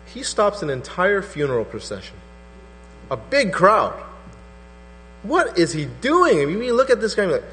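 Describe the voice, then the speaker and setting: A man preaching a sermon as pastor, animated and acting out skeptical voices. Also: a little high, normal speed. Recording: hall reverb with faint mains hum.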